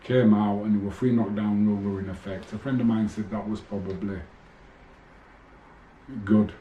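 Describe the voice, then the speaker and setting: Blunt ex-boxer in echoey room. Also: male voice, on the low side, level tone, moderate pace, dull audio, slight background noise. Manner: blunt, swears freely, rambling storytelling. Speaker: former boxer telling his story. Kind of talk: casual monologue to camera.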